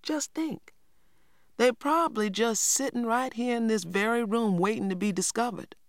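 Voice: medium pitch, normal speed, no room sound, pitched above the performer's own voice, close to an everyday voice. A reader voicing a boastful, lazy teenage boy who talks in a drawling rural dialect, in a dry audiobook recording. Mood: smug. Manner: drawling, self-satisfied, Southern rural dialect. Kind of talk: audiobook character voice.

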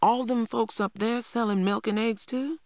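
A woman reading aloud voices a spirited, impatient young girl, speaking high and eager. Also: fairly even intonation, normal speed, a little mellow, no echo, studio quality, close to an everyday voice. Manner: eager, pushy, higher-pitched.

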